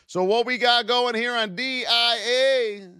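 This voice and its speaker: A man hosting a live trading stream, calling price levels with energetic, hype-filled, sing-song talk. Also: very high-pitched, measured pace, clear, resonant tone, no room sound, clean studio sound. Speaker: trading livestream host. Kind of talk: live market commentary.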